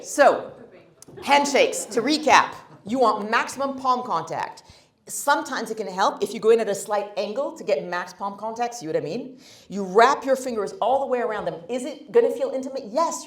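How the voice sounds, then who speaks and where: A woman's voice: on the high side, expressive, fairly quick. A woman giving a live workshop talk, blunt and emphatic with wry humor. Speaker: workshop speaker. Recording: roomy hall.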